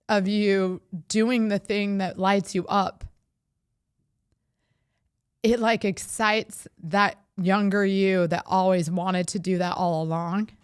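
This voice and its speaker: A woman's voice: mid-range voice, clean tone, no room sound, studio quality. A woman, hosting a podcast and speaking in a heartfelt, reflective way, often laughing as she talks. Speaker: podcast host. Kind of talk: personal reflective monologue.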